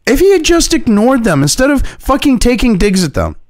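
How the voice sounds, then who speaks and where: A man's voice: very high voice, huge pitch swings, brisk, no echo, studio quality. A man ranting as an online commentator, heated and mocking, swearing constantly. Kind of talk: profane opinion rant.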